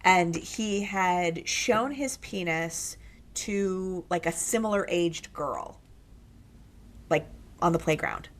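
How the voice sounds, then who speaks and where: A woman's voice: fairly low pitch, expressive, slow. A woman therapist co-hosting a casual podcast, talking frankly, swearing casually and acting out the people she quotes, over a video call.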